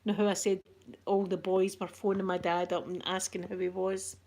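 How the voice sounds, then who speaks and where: Scottish woman, middle-aged, soft-spoken ASMR host, chatty, rambling. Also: medium pitch, little pitch movement, normal speed, creaky. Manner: chatty, rambling, laughs often, local words like wee and yous.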